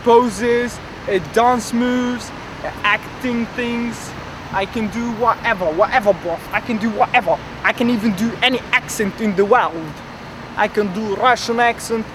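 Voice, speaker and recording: A man plays a grandiose young dreamer with sky-high ambitions. He rambles boastfully and fills his talk with hesitations, in a high voice. Loud traffic fills the outdoor street behind him. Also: unhurried. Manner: rambling, boastful, full of fillers. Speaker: interviewee. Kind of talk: comedic street interview.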